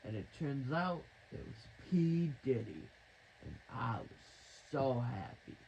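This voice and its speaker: A man's voice: medium pitch, very animated, slow, gravelly, darkish tone, slight background noise, poor audio. A man telling a rambling, crude, mock-dramatic improvised story.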